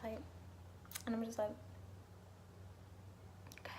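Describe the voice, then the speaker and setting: A woman's voice: on the high side, a little slow, a little hiss or hum. Chatty young woman telling a story. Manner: animated and chatty, swears freely, laughs a lot. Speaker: vlogger. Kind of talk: casual storytime vlog.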